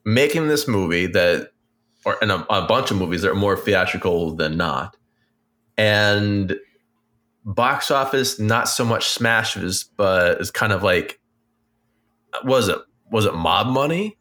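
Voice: low voice, expressive, slow pace, a bit bright. A podcast co-host in casual movie chat, making wry, sarcastic jokes.

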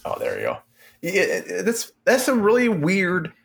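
Wry podcaster with a very lively pitch. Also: normal speed, vocal fry. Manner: wry, sarcastic jokes. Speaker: podcast co-host. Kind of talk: casual movie chat.

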